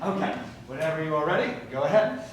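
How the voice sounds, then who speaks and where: An improv teacher running a class showcase, calling freezes and cues in a brisk, encouraging way. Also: mid-range voice, sing-song. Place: school theatre hall. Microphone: far room mic. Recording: echoey, distant, noisy hall recording.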